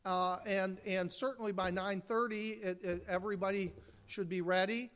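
A woman's voice: medium pitch, steady tone, moderate pace. A woman from the United States preaching a sermon, emphatic, with rhetorical questions and mocking asides.

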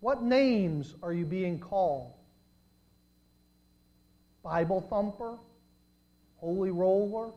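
Male preacher, high voice, dramatic storyteller who swings between loud and soft. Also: slow, long pauses, dull audio. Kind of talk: sermon.

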